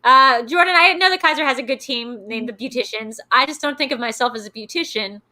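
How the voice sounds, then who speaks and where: A woman's voice: sits high, fairly quick, bright, forceful tone. A woman from the US East Coast hosting a casual live-stream chat, rambling and self-deprecating as she reads the chat aloud. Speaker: host.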